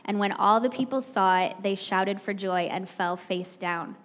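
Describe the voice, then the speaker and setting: With a mid-range, fairly bright voice at a moderate pace, this woman preaches in a chatty storytelling style, addressing the crowd directly. The recording carries long reverb from a hall.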